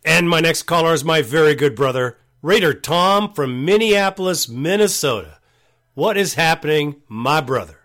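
A man's voice: fairly high pitch, expressive, moderate pace, fairly bright tone. A man hosting a call-in sports show, talking in a blunt, frank and casual way.

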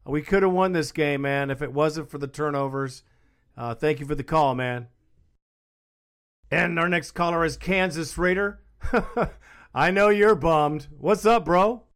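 Chill guy hosting a fan call-in show, bit higher voice, says bro a lot. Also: measured pace, pauses often, fairly bright tone. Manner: laid-back, calls people bro. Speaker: host. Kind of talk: sports call-in radio hosting.

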